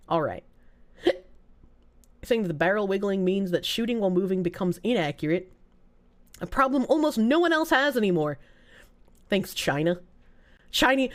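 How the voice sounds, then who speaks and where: A woman from the United States who streams, chatting casually and sarcastically with her viewers and laughing often. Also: mid-range voice. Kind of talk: casual chat reacting to viewer comments.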